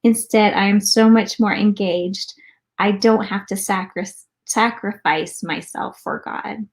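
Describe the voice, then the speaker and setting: A woman's voice: mid-range voice, fairly even intonation, measured pace. A woman co-hosting a casual faith talk show, reading a viewer's comment aloud in an affirming manner. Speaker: co-host.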